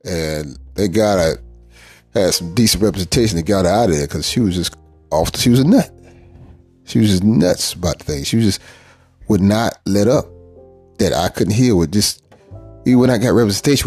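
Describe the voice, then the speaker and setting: Male podcast host, husky, reflective monologue, emphatic with restarts, faint music bed. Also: lowish voice, lively intonation, a little fast, a little mellow. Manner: candid, rambling, emphatic, with frequent restarts.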